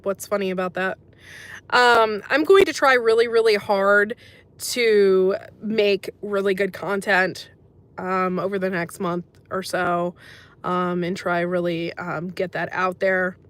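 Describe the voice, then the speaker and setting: An American woman talks casually on a livestream, answering her chat as she goes. Her voice sits at an ordinary middle pitch, and she fills pauses with frequent ums. She sounds easygoing and sympathetic with viewers. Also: steady tone. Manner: chatty, says um often, sympathetic. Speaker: livestream host reading chat.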